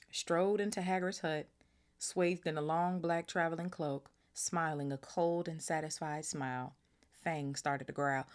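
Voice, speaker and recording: Lady host reading a novel out loud, chatty excitable asides, deep for a woman. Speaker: podcast host reading aloud. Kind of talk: reading aloud with reactive commentary.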